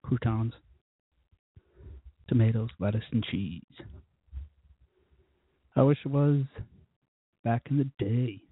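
A man's voice: medium pitch, takes it slowly, pauses often, slightly rough, no room sound. A man hosting a casual podcast, rambling through a profane story while a bit drunk. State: tipsy from drinking. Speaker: podcast host. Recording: tinny phone-like recording.

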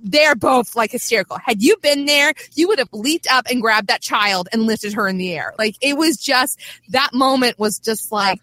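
A woman in her thirties hosting a casual sports chat, telling stories with animated, laughing energy. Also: fairly high pitch, moderate pace. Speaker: podcast host.

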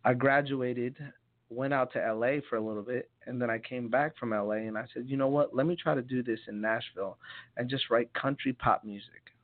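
A man's voice: medium pitch, a little fast. A young man from New Jersey, a songwriter guest telling his story in rambling, laughing casual chat full of restarts. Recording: tinny phone-like sound.

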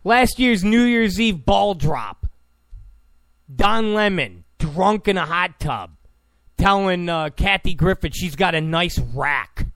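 A mocking, exasperated man rants through a commentary in a high, gravelly voice that swings widely up and down. He takes his time, and the sound is close and dry. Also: lively intonation, slow pace, a bit bright, dry recording. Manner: exasperated, mocking, repeats "come on". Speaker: political commentator. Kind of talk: ranting commentary.

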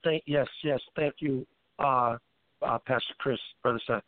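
A man who is a pastor, speaking in a measured way and holding firm when interrupted. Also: mid-range voice, steady tone, no room sound. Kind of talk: panel discussion. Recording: phone-like narrow sound.

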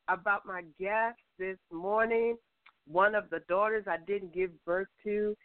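A woman's voice: mid-range voice, steady tone, a little slow, dry recording. An upbeat woman hosts a faith-based radio show over the phone. She repeats words for emphasis. The sound is thin and phone-like, with a dry, close feel. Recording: tinny phone line.

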